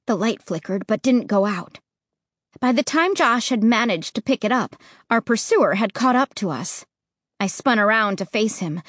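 A woman narrating a chapter book in the first person with an expressive reading style. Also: on the high side, dry recording, studio quality. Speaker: audiobook narrator.

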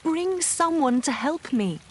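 A woman voicing an eager, romantic young woman in a storybook reading, with high breathless cries. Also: normal speed, a little mellow, slight background noise, natural voice. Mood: pleading.

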